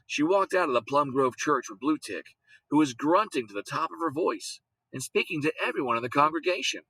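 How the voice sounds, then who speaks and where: Lively, bright-voiced man reading a story. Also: a little high, brisk, slightly rough, no room sound, rough recording. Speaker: audiobook reader. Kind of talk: storybook read-aloud narration.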